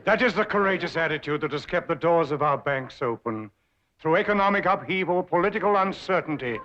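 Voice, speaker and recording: An actor playing a pompous, theatrical middle-aged rival banker in a 1960s TV sitcom, speaking in grandiose oratory. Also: male voice, on the high side, animated, a little fast, a crowd in the background, lightly acted. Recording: dull old TV audio with heavy hiss.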